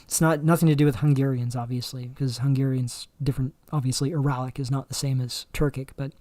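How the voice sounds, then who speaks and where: A man hosting a livestream, talking in a rambling, halting way with many fillers and restarts. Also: medium pitch, steady tone, mellow, dry recording. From Canada. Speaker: livestream host. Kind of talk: casual livestream commentary.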